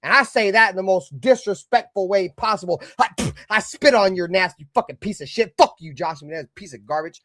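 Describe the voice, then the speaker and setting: High-voiced man ranting profanely. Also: fairly quick, few pauses. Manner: profane, ranting, swings from loud outbursts to low mutters. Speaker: co-host of a fan sports show. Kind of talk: heated live-stream sports talk.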